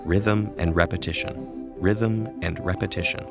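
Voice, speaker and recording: A man giving calm, measured scripted narration for an educational lesson. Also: low-pitched. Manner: calm, measured, slows for quoted verse. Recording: soft music underneath.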